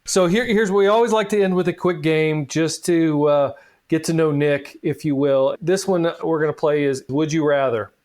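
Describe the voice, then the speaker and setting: Male podcast host, fairly high voice, casual, jokey banter with a guest. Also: steady tone, a little mellow. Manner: friendly, joking, quick asides. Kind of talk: casual interview chat.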